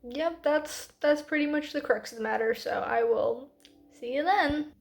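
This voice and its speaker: A woman's voice: high-pitched, measured pace, creaky. Chatty young woman vlogging. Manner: chatty, rambling, self-deprecating. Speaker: book vlogger. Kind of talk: casual vlog chat.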